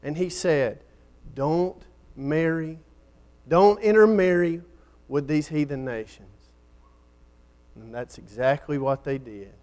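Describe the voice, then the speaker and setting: A male preacher with a fairly high voice delivers a sermon at an unhurried, deliberate pace. He swells on key phrases and then drops almost to a hush at their ends, in a dramatic pulpit style.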